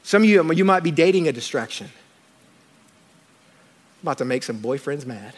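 Man, higher voice, pastor, church sermon, humorous storytelling, talks to congregation. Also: lively intonation, moderate pace, slight background noise.

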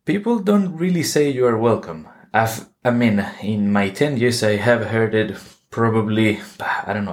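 A man who is not a native English speaker, hosting a podcast English lesson and explaining words patiently, often restarting and correcting himself. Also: fairly low pitch. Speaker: English teacher and podcast host.

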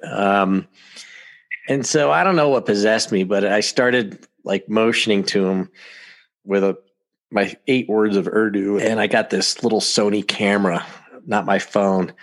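Low-voiced man telling a story. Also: measured pace. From United States. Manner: animated, laughs often while telling anecdotes. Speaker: podcast guest. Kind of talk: casual storytelling.

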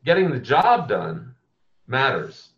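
In a comedic impression interview, a man plays a blunt, proudly abrasive tech visionary who is emphatic, combative, defiant and swears freely. His medium-pitched voice swings widely in pitch, takes it slowly and sounds a bit bright. The audio is muffled and lo-fi.

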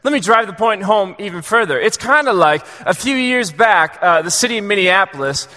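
A man preaching a sermon to a congregation in a relaxed, joking, conversational way. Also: high-pitched, normal speed, big-room sound. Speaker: pastor. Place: church sanctuary.

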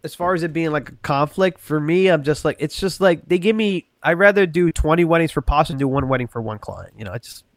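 A man's voice: on the high side, brisk, hardly any pauses, no echo, clean studio sound. A man talking as a guest on a podcast, rambling casually with many restarts and self-corrections. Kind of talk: casual chat.

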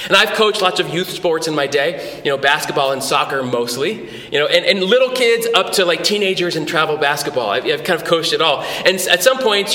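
A man preaching a sermon as a pastor, conversational and animated, with frequent restarts, in a church. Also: a little high. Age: adult with a son. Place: church hall. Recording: echoey church hall with long reverb.

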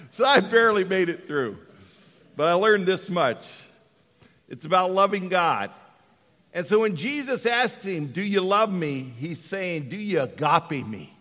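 A middle-aged man from Western Colorado preaching a sermon, dropping to hushed tones and rising to shouts. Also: high voice, very animated, measured pace, in a large hall. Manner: dramatic, swings from hushed to shouting. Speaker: pastor.

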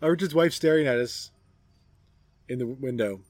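A man's voice: mid-range voice, moderate pace, darkish tone, no room sound. A middle-aged man co-hosting a podcast, chatting casually and jokingly outdoors, often rambling and trailing off. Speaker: podcast co-host. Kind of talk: casual chat. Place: outdoors at a backyard gathering.

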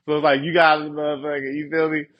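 A man's voice: fairly high pitch, level tone, quick pace, lo-fi sound. A young man telling a rambling, profane story as a podcast host, laughing often and checking in with his listeners. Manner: rambling, profane, laughs often, keeps asking "you feel me". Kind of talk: casual storytelling monologue.

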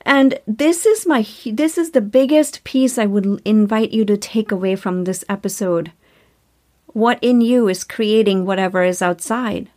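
Female podcast host, earnest and reflective, repeats ideas, medium pitch. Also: a little slow, darkish tone. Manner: earnest, repetitive, rhetorical questions. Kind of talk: spiritual self-help monologue.

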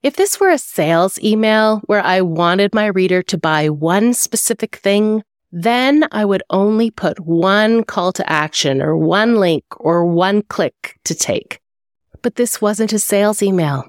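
A woman's voice: mid-range voice, animated, measured pace, no echo, clean studio sound. A woman hosting a podcast, reading one of her emails aloud and explaining in an upbeat, instructive way why it worked. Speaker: podcast host and email copywriter.

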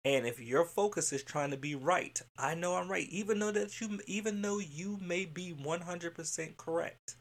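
Gravelly man telling an animated story. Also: medium pitch. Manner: animated and candid, swears and laughs often. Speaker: childcare center director. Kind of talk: casual storytelling monologue.

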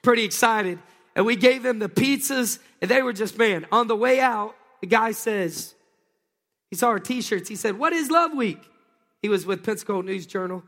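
A man, preaching a sermon in a folksy storytelling way that rises into excited bursts. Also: sits high, normal speed. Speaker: pastor. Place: church sanctuary. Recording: long hall reverb.

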